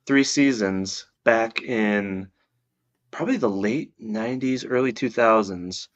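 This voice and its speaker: A male author answering interview questions in an earnest, measured, explanatory way, heard over a video call. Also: lowish voice. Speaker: guest author. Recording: dull lo-fi video call audio.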